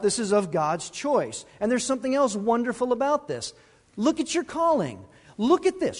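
High-voiced preacher in an echoing hall. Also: male voice, normal speed. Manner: animated, emphatic preaching with asides and laughs. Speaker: pastor. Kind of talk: sermon.

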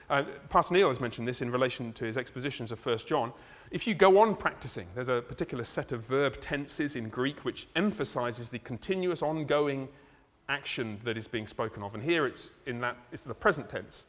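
A man preaching a sermon in a church, conversational and animated, with laughs and asides. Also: medium pitch, brisk. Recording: reverberant hall.

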